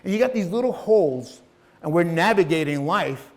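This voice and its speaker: A middle-aged man delivers a fired-up motivational talk in a high, lifted voice. He preaches, drops to near hushes, then surges loud, with casual swearing mixed in. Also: expressive, moderate pace. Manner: impassioned, preachy, swings between hushed and loud. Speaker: motivational speaker. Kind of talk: motivational speech.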